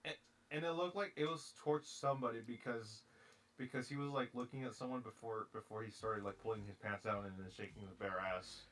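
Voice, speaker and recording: A young man co-hosting a casual podcast, telling a story in halting bursts with repeated words and restarts. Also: mid-range voice, a bit bright. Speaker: co-host.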